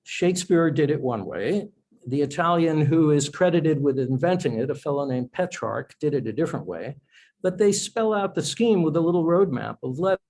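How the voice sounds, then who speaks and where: A man's voice: a little high, expressive, normal speed, a little mellow, rough recording. A man, an author, speaking as a guest in a podcast interview, explaining in a thoughtful, self-correcting way.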